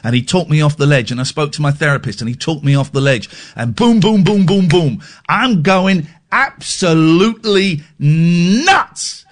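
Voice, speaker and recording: A man hosts a late-night radio phone-in, his voice sitting a little high and swinging widely in pitch. He talks frankly and self-deprecatingly, restarting sentences as he goes. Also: lively intonation, brisk, hardly any pauses. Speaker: radio host.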